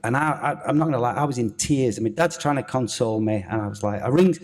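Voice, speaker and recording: Bloke telling a story on stage, lots of swearing, acts out the quotes, big echoey theatre. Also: male voice, medium pitch, quick pace. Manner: swearing, animated anecdote telling with acted-out quotes. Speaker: former footballer guest. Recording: reverberant theatre hall.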